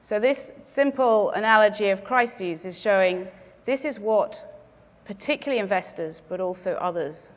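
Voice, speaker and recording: A woman speaker giving a measured business presentation to a conference audience, stressing her key words. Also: medium pitch, expressive, big-room sound. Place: conference venue.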